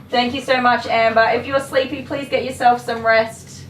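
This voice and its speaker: A woman dog groomer on a casual livestream, softly praising and soothing a dog and chatting with viewers. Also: fairly high pitch, little pitch movement, a little slow. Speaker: dog groomer streaming live. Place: grooming salon, indoors. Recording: echoey room with loud clipper noise. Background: electric clippers buzzing.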